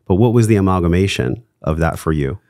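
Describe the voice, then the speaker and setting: Deep-voiced man hosting a podcast. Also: expressive, fast, a little mellow, no room sound, studio quality. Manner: affirming, brief interjections. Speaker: podcast host. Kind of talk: interview chat. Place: podcast studio.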